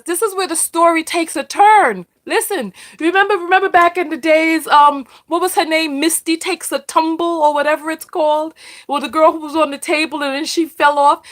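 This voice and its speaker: A woman's voice: extremely high pitch, a bit bright. A woman hosting a live stream in casual, chatty talk, often repeating herself and checking in with "right?". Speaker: host of a live discussion.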